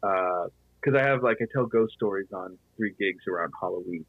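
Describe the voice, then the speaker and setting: A man's voice: low-pitched, normal speed, no echo, narrow, tinny audio. A man casually telling a ghost story as a podcast guest, with lots of "you know" fillers.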